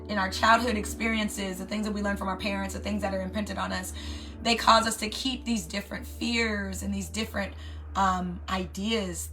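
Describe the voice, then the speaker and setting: Woman, 30s, life coach; bright, animated motivational talker. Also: fairly high pitch. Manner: animated, keeps asking "right?". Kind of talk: motivational talk.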